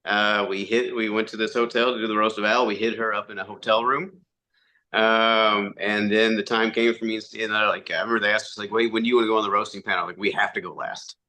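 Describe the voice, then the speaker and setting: Bright-voiced man telling stories. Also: fairly low pitch, fast talker. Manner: animated storyteller, acts out quotes, swears freely. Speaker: podcast guest. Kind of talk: casual storytelling interview.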